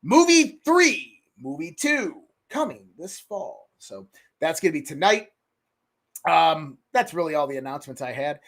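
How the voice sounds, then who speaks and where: A man hosting a casual political commentary show, animated and swearing freely. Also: fairly high pitch, a little slow. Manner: animated, swears freely, mimics others in raised voice. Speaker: podcast host.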